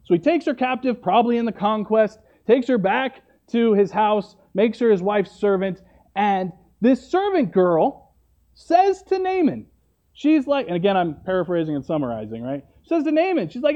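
A man's voice: high-pitched, sing-song, unhurried, dark tone, lo-fi sound. A man preaching a sermon, retelling a story in a conversational way and often checking in with "right?".

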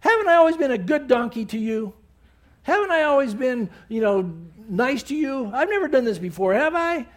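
A man's voice: very high voice, big pitch swings, normal speed, voice pushed up. A man voicing a pleading talking donkey.

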